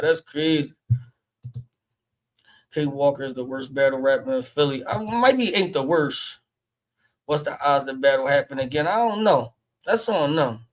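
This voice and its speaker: A man with a Philadelphia accent hosting a casual livestream, brash and loud, trash-talking and laughing often. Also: mid-range voice, poor audio. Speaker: livestream host.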